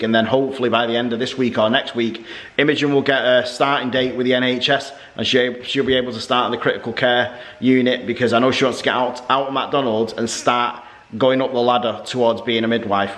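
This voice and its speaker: A man's voice: mid-range voice, fairly bright tone. A man, giving a rambling, matter-of-fact family vlog update. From England. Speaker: family vlogger.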